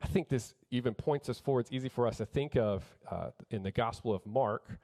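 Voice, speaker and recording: A man preaching a sermon as pastor, emphatic, rising louder on key points and often restarting his phrases. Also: mid-range voice, fairly quick.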